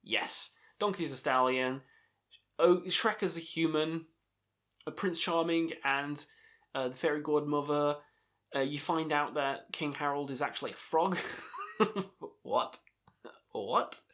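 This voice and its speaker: A man's voice: on the high side, unhurried, fairly bright tone. A man hosting a video channel, giving a casual, enthusiastic film review full of swearing and laughter. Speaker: video host ranking films.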